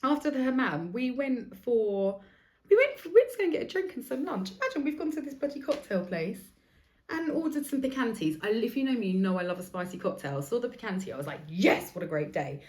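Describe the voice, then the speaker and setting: A woman's voice: a little high, very animated, quick pace, darkish tone. A woman, hosting a podcast and telling stories in a chatty way that is full of swearing. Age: 40s. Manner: chatty, swears freely, acts out other people's lines. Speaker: podcast host. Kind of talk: casual storytelling monologue.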